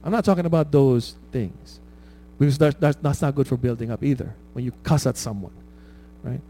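A man's voice: medium pitch, brisk, warm tone, a little hiss or hum, poor audio. A man preaching a conversational sermon, checking in with his listeners with "right?" and laughing at his own stories. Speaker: pastor.

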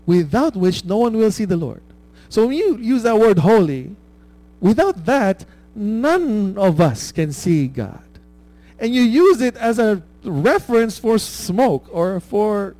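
A man's voice: high voice, dark tone, low-quality recording. Conversational man preaching a sermon. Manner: conversational preaching with frequent "right?" tags; laughs at his own anecdotes. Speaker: pastor.

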